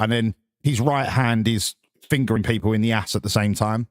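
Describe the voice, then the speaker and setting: A man's voice: medium pitch, moderate pace, few pauses, dry recording, clean studio sound. A man, chatting casually with his viewers on a live stream in sarcastic, sweary, mock-lecturing rants.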